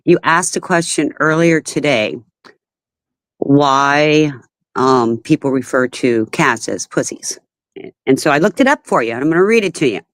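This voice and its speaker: A woman co-hosting a casual livestream who talks in a steady, plain way and reads a passage aloud. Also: sits low, normal speed, dry recording.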